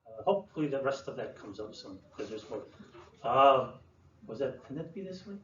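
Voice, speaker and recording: A man presenting to an audience, explaining in a relaxed way with many fillers and restarts. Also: mid-range voice, normal speed. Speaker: land use planner presenting. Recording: roomy, distant, dull sound with faint room noise.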